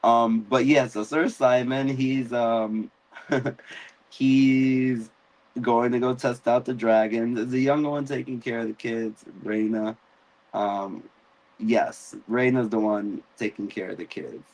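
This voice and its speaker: A man hosting a live-stream chat about a TV episode. He tells it in an animated way, with sudden jumps in pitch when he acts out characters' lines. His voice sits at a middle pitch with loose fillers. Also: slow pace, rough recording. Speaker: podcast host.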